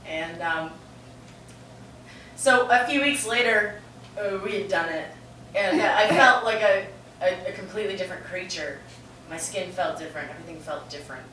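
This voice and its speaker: Young woman, bright open-mic storyteller, blunt and rambling, echoey room from a distance. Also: lowish voice, moderate pace, long pauses, slight background noise. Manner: frank, profane, rambling with many "like" fillers. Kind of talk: confessional stand-up storytelling. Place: stage in a roomy venue with a live audience.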